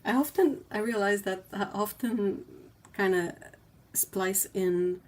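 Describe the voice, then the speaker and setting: A woman's voice: medium pitch, slow, darkish tone. A native French-speaking woman with a French Canadian accent, chatting casually as a livestream host while painting, rambling with fillers and laughing easily.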